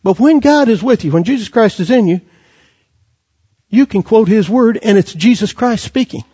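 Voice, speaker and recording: A preacher delivers a fiery sermon in a high, husky voice whose pitch leaps around, yet his pace stays moderate and his tone mellow and expressive. He quotes scripture and presses the congregation with rhetorical questions. The recording sounds dull and lo-fi.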